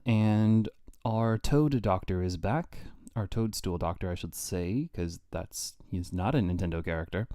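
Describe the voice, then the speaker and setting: A man's voice: fairly low pitch, mellow, no room sound, studio quality. A man streaming his reaction to a manga chapter, chatty and laughing often, with many restarts.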